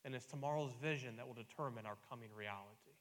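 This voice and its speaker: A male pastor delivering a sermon, repeating key lines and building to loud emphatic peaks. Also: medium pitch, fast, in a large hall.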